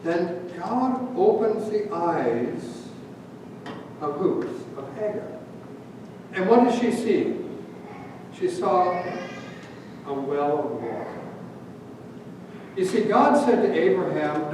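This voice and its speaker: A Canadian pastor delivers a sermon in a church sanctuary, telling stories and putting questions to the congregation. His voice is high, expressive and a little mellow, moving slowly with long pauses. The recording comes from far off in an echoey hall with a faint hum.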